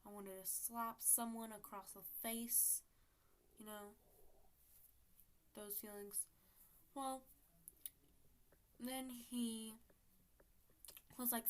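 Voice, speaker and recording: A woman's voice: a little high, steady tone, unhurried, pauses often, slight background noise. A teenage girl casually telling a personal story to her viewers, acting out text messages with lots of fillers. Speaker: storytime vlogger.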